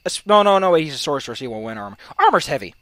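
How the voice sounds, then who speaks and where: A let's play commentator rants about game rules, heated and full of profanity. The voice is bright and pitch swings widely. The sound is dry and close. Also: rapid-fire, no room sound. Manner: profane, heated, animated ranting. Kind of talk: gaming commentary, ranting.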